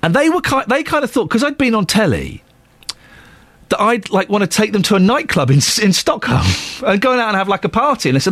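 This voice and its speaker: A man's voice: sits high, sing-song, fast talker, a bit bright, no echo. An English man presenting a breakfast radio show, chatty and jokey, rambling into anecdotes with restarts. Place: radio studio. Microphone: studio microphone.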